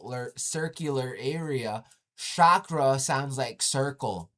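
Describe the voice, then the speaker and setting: Guy reacting to a vid, slow drawl, gets loud and excited, slangy. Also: mid-range voice. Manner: animated, exclaiming, slangy. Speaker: commentator reacting to a video. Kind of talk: casual reaction commentary.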